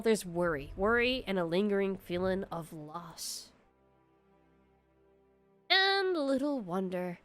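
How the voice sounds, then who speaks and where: A woman voicing a motherly female tavern keeper who runs an adventurers' guild, reading game dialogue aloud in a slow put-on southern drawl. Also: mid-range voice, natural voice. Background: soft background music.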